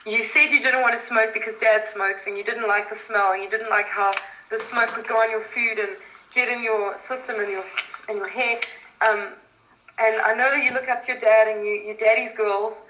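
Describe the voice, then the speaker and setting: A woman's voice: medium pitch, echoey room, poor audio. A woman from South Africa, a guest in a casual interview, telling family stories with lots of laughter. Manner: laughing, animated storytelling. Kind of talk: casual chat.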